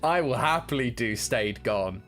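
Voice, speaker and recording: A man's voice: mid-range voice, animated, a little slow, fairly bright tone, faint music behind. A young British man chatting casually as a live-stream host, reading chat aloud and laughing often. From United Kingdom.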